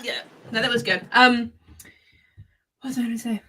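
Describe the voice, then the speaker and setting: A woman's voice: a little high, steady tone, moderate pace, pushed and bright, slightly rough. A woman co-hosting a casual podcast chat, laying out her theories and setting the scene with quoted asides. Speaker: podcast co-host.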